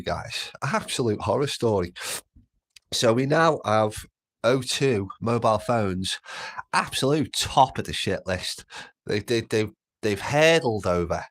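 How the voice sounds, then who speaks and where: A man's voice: lowish voice, a bit bright. A middle-aged man hosting a casual live stream, rambling, swearing and repeating himself as he reads the chat.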